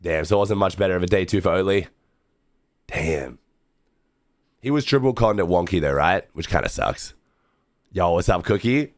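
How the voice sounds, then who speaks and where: A young Australian man with a hoarse, rough low voice, talking loosely to his stream chat while he watches. He swears offhandedly and keeps the tone laid-back. The sound is close and dry. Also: animated, a little fast, no echo. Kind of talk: casual livestream watch-along commentary.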